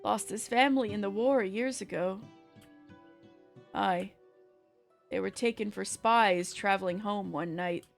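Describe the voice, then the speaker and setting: A woman reading aloud as a gruff middle-aged farmer who rambles on, in her own plain voice with no accent put on. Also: mid-range voice, measured pace, pauses often, soft background music. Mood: rambling. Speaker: streamer reading a visual novel aloud.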